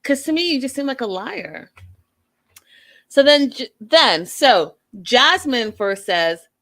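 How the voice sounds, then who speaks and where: A woman's voice: sits high, sing-song, slow, fairly bright tone. A woman hosting a casual reality TV recap, sassy and blunt with an exasperated edge. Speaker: podcast host.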